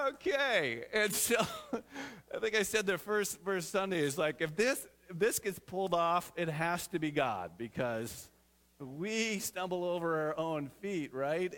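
A man's voice: high-pitched, lively intonation, a little slow, fairly bright tone. A man preaching a conversational sermon as pastor, often checking in with the congregation before building to earnest exhortation.

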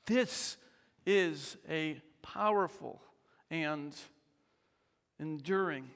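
A man preaching a sermon, slow and deliberate, sometimes dropping to near-whispers for emphasis. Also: fairly high pitch, fairly bright tone, long reverb tail. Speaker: pastor.

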